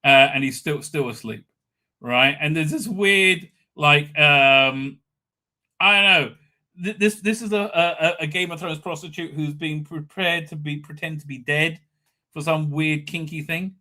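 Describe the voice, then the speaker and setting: A man's voice: on the high side, a little slow, sharp tone. A man hosting a live stream, casually recapping an episode in a rambling way, with many stammered restarts and a habit of tagging sentences with "right?".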